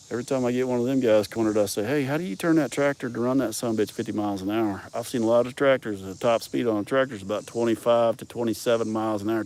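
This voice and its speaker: A man's voice: on the low side, a little mellow. A man from Arkansas with a Southern accent, telling rambling, profane stories in a casual vlog, his words running together. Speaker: vlogger.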